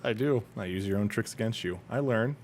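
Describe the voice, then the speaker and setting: Casting: teasing male game streamer, lowish voice, relaxed banter. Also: brisk, a crowd in the background. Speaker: streamer playing a shooter game. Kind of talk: casual gaming chat.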